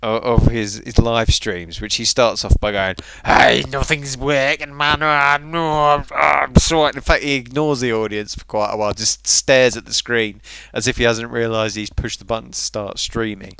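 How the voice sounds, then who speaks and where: A man's voice: lowish voice, steady tone, normal speed, hardly any pauses, a bit bright, a little hiss or hum. A man chatting on a livestream in a sleepy, rambling way. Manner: drowsy, rambling. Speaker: streamer. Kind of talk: casual livestream chat.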